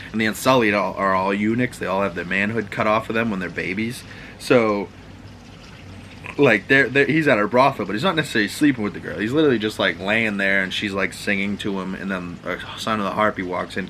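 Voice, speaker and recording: A man with a Boston accent rambles through a casual, profane recap like a podcast host. His voice sits on the low side but has a bright, forceful edge. A faint background hiss runs under him. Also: rough recording. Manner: loose, profane, rambling storyteller. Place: home room with water running next door.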